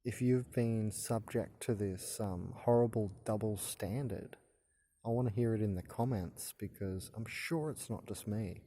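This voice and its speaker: A man's voice: lowish voice, unhurried, mellow. A man in his thirties hosting his own channel, talking in a rambling, hesitant monologue with stammers and restarts. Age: 30s. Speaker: channel host. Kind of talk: casual spoken monologue to camera.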